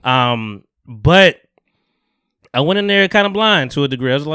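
A man hosts a podcast in relaxed, profane casual chat, laughing as he tells his stories. His voice is smooth and clear. It is recorded close and dry. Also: on the high side, fairly quick, no echo. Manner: loose, profane, laughing storyteller. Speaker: podcast host.

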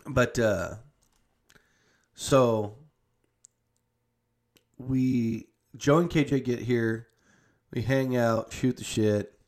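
Speaking extremely slowly and pausing often, a young man with a medium-pitched voice recounts a lengthy family visit. He rambles casually, restarting sentences and saying "like" constantly.

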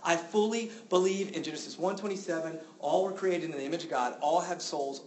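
A man preaching a sermon as a pastor, getting loud and exclaiming when indignant. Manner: animated, exclaiming with rising pitch when indignant. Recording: roomy with faint background noise.

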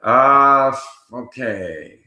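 A man hosting a casual live Q&A, reading viewer questions aloud and answering them in a relaxed, explanatory way while he thinks aloud. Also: mid-range voice, extremely slow, echoey room, highs cut off.

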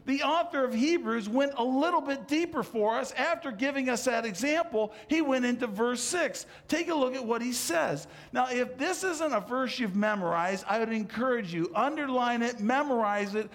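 A man with a high, bright-pitched voice preaches a sermon to his congregation. He is impassioned, pressing points with repetition and then dropping to quiet, earnest asides. He sounds middle-aged. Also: moderate pace, few pauses. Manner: impassioned preaching, swinging from loud emphatic calls to soft low asides. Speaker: pastor.

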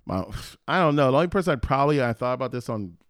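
A man's voice: mid-range voice, lively intonation, racing, dry recording, clean studio sound. A man co-hosting a podcast in casual chat, joking around and laughing often. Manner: jokey, bursts into loud put-on voices and laughter. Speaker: podcast co-host.

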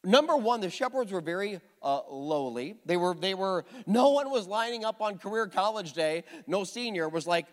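A man's voice: high-pitched, expressive, normal speed, hardly any pauses, long reverb tail. A middle-aged male pastor preaching a sermon to his congregation, telling stories with self-deprecating humor. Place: church sanctuary with a congregation.

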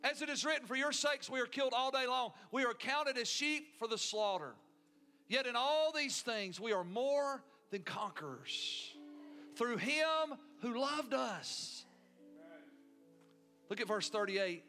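A man preaching a sermon as pastor in a church, rising to emphatic peaks and dropping to hushed lines. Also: very high-pitched, expressive, a little slow, faint music behind. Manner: preaching with swelling intensity and hushed drops. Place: church sanctuary.

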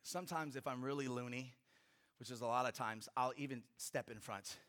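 Bright-voiced man preaching a sermon. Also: medium pitch, a little fast. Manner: preaching with big swings from loud to hushed; humorous personal asides to the congregation. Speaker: pastor.

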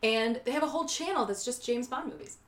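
A woman's voice: a little high, expressive, fast talker, roomy sound, crowd noise. A woman from Chicago co-hosting a podcast in casual chat, blunt and sarcastic, often trailing off into mumbles. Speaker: podcast co-host.

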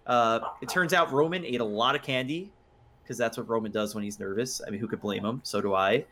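A male co-host chats easily and upbeat on a podcast. His voice sits at an ordinary middle pitch. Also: fairly quick, sharp tone. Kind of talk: casual chat.

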